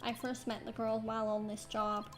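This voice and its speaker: A woman's voice: fairly high pitch, little pitch movement, normal speed, close to an everyday voice. A woman voicing a terse male bomb disposal expert who talks in clipped, robotic phrases over game music.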